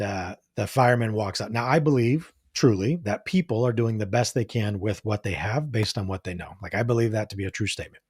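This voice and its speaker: A man in his forties with a husky voice tells a candid story as a podcast guest. He sits low in his range and talks earnestly, dropping "like" often. The recording is dry and close. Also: no echo. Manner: earnest, frank, frequent "like" fillers. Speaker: podcast guest, de-escalation trainer.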